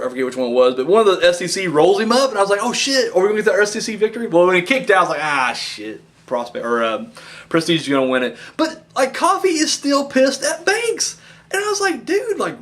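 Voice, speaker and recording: A man giving a rambling, casual wrestling review, swearing often and acting out what the wrestlers said. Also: high voice. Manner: rambling, animated, profane, acts out wrestlers' lines. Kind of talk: casual commentary.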